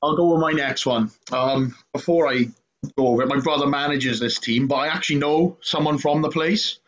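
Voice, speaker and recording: A man's voice: on the high side, brisk. A man co-hosting a casual podcast, joking, laughing often and tripping over his words. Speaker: co-host. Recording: slightly dull lo-fi sound.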